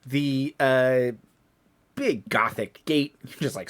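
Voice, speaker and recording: A man's voice: medium pitch, slow, clean tone. A young man narrating as game master of a tabletop game, loose and laughing, with lots of fillers.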